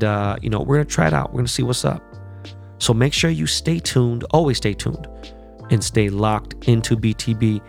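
Gravelly, profane podcast host. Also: male voice, medium pitch. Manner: profane, animated, rambling asides. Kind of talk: casual solo podcast chat.

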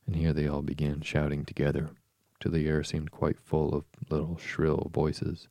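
A man slowly reading a story aloud to lull listeners to sleep. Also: extremely low pitch, no echo, studio quality. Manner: calm, unhurried. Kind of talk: slow bedtime reading.

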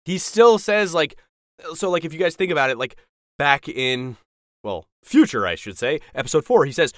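A man co-hosting a podcast retells scenes with a bouncy, animated delivery. His pitch swings freely up and down. The recording is dry and close, with no room sound around him. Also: normal speed, no room sound. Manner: animated storyteller, chatty, swearing. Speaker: podcast co-host. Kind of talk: casual chat recapping a TV episode.

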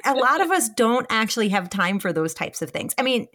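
A woman in her thirties co-hosting a podcast, talking in a calm, reflective way with many fillers and restarts. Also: a little high, fairly quick. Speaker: podcast co-host. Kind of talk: casual podcast chat.

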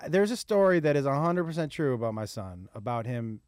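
A middle-aged man, a comedian, telling crude family stories in quick, animated casual chat. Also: mid-range voice, smooth, no room sound. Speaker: comedian and podcast host.

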